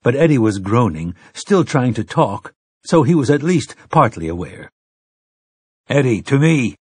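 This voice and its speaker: A man reading an audiobook aloud, telling the story in a measured, dramatic way. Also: mid-range voice, sing-song, a little mellow, slightly rough, no room sound. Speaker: audiobook narrator. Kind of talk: scripted narration.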